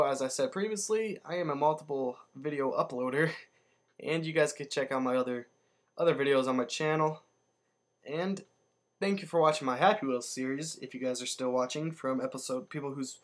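A man giving casual, excitable commentary while playing a video game, jumping up in pitch whenever he survives. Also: fairly quick. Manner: excitable, yelps upward when surviving. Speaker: let's play gamer.

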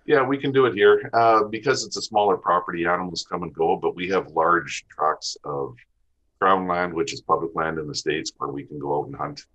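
A man from Western Canada with a Canadian accent talks plainly about hunting as a podcast guest in a casual interview. His voice is deep and fairly bright in tone, at a moderate pace, and the recording is dull lo-fi audio.

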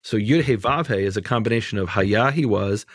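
A man's voice: on the low side, brisk, no echo, studio quality. A man teaching in conversation, emphatic and dismissive of mistaken ideas, explaining word meanings step by step. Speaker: Bible teacher.

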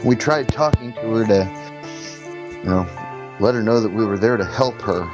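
A man playing a tabletop game, talking casually and haltingly over background music. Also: fairly low pitch, lo-fi sound. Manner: halting, with fillers and restarts. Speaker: player.

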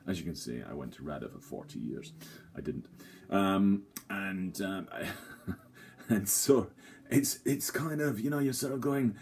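A man's voice: deep voice, expressive, measured pace, gravelly, darkish tone, a little hiss or hum. A man giving a rambling, self-deprecating, jokey theatre review to camera, full of fillers.

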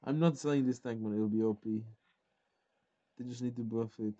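A man's voice: lowish voice, steady tone, brisk, mellow, highs cut off. A man playing an online tank game, complaining and swearing sarcastically about his tank. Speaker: gamer. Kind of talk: frustrated gameplay commentary.

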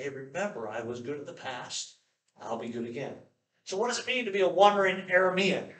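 A pastor preaching a sermon, animated and playful, often acting out the voices of the people in his stories. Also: on the high side, roomy sound.

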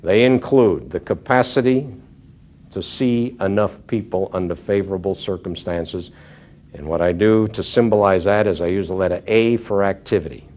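A man's voice: low-pitched, normal speed. A man giving a motivational sales talk to a live audience, telling stories earnestly and dropping his voice for emphasis. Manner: storytelling, earnest, drops to hushed tones for emphasis. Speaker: motivational speaker.

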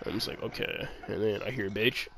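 A man's voice: lowish voice, steady tone, a little fast, gravelly, crowd noise. A man telling a rambling, profane story in a casual chat, full of laughs.

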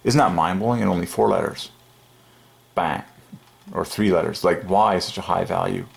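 Deep gravelly man, excited and emphatic. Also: normal speed. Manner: excited, emphatic, chuckling often. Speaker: channel host. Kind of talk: casual religious monologue to camera.

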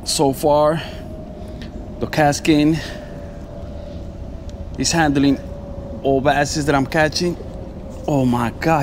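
A man vlogging while fishing outdoors on a lapel mic, talking casually and excitably, with "man" and "bro" in every sentence. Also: on the high side, takes it slowly, pauses often, background noise. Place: outdoors by the water.

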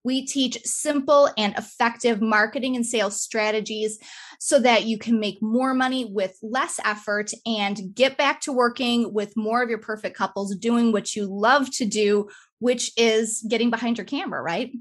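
A woman's voice: fairly high pitch, moderate pace. A woman with a nasal Midwestern American accent, a podcast guest speaking in a friendly way with many fillers. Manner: friendly, filler-heavy, tags "right?". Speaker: guest, marketing business owner. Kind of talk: casual podcast interview.

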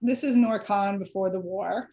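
A woman author giving a chatty slide presentation, pausing with ums and correcting herself, her voice a little dry from allergies. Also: medium pitch, warm tone, muffled recording. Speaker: author giving a library talk.

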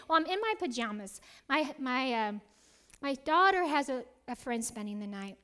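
Middle-aged woman teaching a Bible study, high and bright-voiced, swinging between lively storytelling and hushed prayer. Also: moderate pace.

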